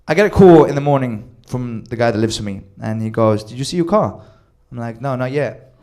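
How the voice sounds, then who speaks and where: A man telling a wild personal story with animated delivery, acting out quoted lines and swearing freely. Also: medium pitch, brisk. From Sweden. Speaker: storyteller on a comedy show. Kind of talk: live comedic storytelling.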